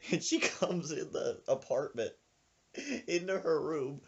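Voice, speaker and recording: A man hosting a podcast, telling a comic story in an animated way and laughing through it. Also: on the high side, unhurried, dull audio, a little hiss or hum. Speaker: podcast host.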